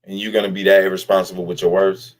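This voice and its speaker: His voice is low-pitched and flat, and he talks quickly. As a vlogger he gives blunt, profane commentary to camera, speaking directly to the person he criticizes and repeating lines to stress them.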